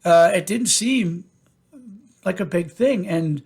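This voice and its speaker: Halting man telling his own story. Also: high-pitched, creaky, slightly rough. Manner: halting, with many fillers and restarts. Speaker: podcast host. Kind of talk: personal storytelling.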